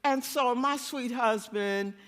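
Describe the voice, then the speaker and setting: A woman preacher telling a personal story in a church sermon, animated and self-mocking, often laughing at herself. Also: on the high side, slow pace. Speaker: guest preacher. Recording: long church-hall reverb.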